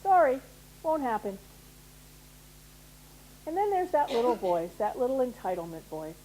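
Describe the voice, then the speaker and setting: A woman's voice: fairly high pitch, big pitch swings, moderate pace, warm tone, slight background noise, rough recording. A middle-aged woman giving a motivational talk to an audience, persuasive and often checking in with "right?". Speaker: guest speaker at a women's leadership program.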